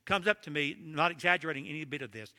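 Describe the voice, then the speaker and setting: A middle-aged man preaches to a church crowd in a humorous, storytelling way. His voice is very bright and sits a little high. A long hall reverb trails after his words. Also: fast talker. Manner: storytelling with jokes, animated asides. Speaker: marriage conference speaker. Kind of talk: humorous sermon talk.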